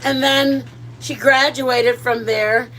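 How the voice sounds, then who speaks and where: A woman's voice: high voice, fairly even intonation, takes it slowly, fairly bright tone, slight background noise. A middle-aged woman vlogging in a rambling, chatty, self-deprecating way while she cooks at home. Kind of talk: casual chat.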